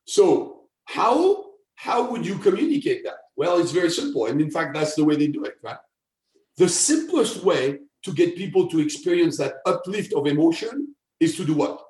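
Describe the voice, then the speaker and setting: A man, a guest expert, explaining step by step with examples and often checking in with a quick tag question. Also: fairly high pitch, expressive, a little mellow. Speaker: guest, sales persuasion expert. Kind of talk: explanatory interview talk. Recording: echoey room.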